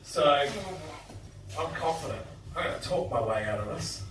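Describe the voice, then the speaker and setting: A man's voice: medium pitch, animated, normal speed, pauses often. A young man telling a brash, self-mocking stand-up story with swearing, on a bar stage. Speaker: stand-up comedian. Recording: echoey bar heard from far off, noisy.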